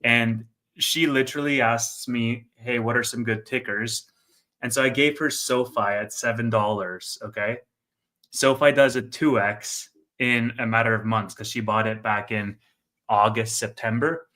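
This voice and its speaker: Bright-voiced young man telling a story. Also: mid-range voice. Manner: animated storyteller, quick asides, laughs. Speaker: co-host of a stock market stream. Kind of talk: casual livestream chat.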